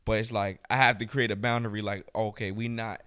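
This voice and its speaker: A man's voice: lowish voice, little pitch movement, a little fast, a bit bright. A man, chatting casually and telling stories in loose, profane slang. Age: 30s. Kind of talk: casual chat.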